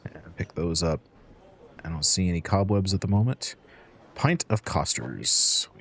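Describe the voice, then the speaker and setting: A man's voice: low voice, expressive, measured pace, vocal fry, slightly rough. A man hosting a let's-play, chatting to in-game customers as he serves drinks and counts out change. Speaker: gaming channel host. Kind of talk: relaxed let's-play commentary.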